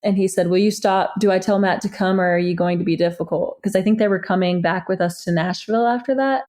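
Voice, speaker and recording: Speaking quickly at medium pitch with a slightly mellow voice, a woman candidly recounts a painful relationship as an interviewee. She reads old text messages aloud with exasperation, laughing at times.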